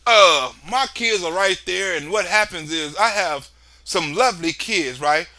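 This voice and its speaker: An evasive male politician who answers in halting, overly smooth denials, as a man mimics him. The voice stays bright and high. It is hushed and softer than the performer's own talk. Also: exaggerated voice. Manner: hesitant, falsely smooth denials.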